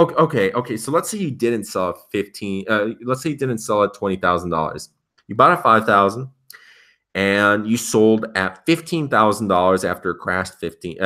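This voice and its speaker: Brief: young male commentary host, mid-pitched, sarcastic and incredulous, reads headlines then mocks them. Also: fairly bright tone. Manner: sarcastic, incredulous, reacts with sudden pitch jumps. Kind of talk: casual commentary reading headlines aloud.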